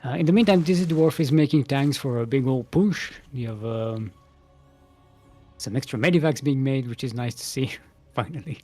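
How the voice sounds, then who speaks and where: An esports caster with a warm, medium-pitched voice calls a live strategy game match at normal speed, keeping it casual and playful with frequent laughs and jokes between play calls. Soft music plays in the background.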